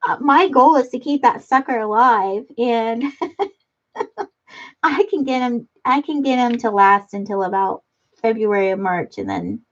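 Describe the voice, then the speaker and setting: A woman's voice: on the high side, lo-fi sound. A middle-aged woman hosting a casual craft livestream from her front room, chatting and giggling with viewers as she reads their comments. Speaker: livestream host. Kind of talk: casual chat while crafting, reading comments. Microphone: computer webcam mic.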